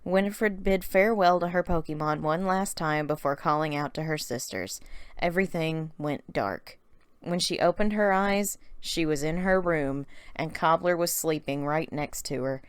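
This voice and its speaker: A woman narrating a scripted story recap in a calm, gently paced storybook reading. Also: low-pitched, normal speed, clear, resonant tone, no room sound.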